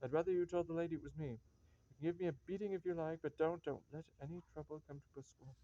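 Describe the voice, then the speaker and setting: Guy reading a pleading comic servant, mellow voice, kinda muffled lo-fi audio. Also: on the high side, quick pace, no room sound, natural voice. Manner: pleading and wheedling. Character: loyal, scheming male servant, chatty. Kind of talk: amateur reading of a stage comedy. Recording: dull lo-fi recording.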